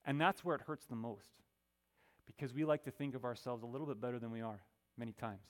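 A middle-aged male pastor preaching a sermon, emphatic, slowing down when he reads scripture. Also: mid-range voice.

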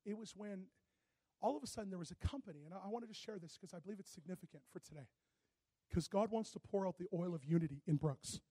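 Fervent male preacher with a high, bright-toned voice, dry close sound, sermon that swells to shouts. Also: fast talker, husky, no room sound. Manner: fervent, rising to shouted exhortations; calls for congregation response.

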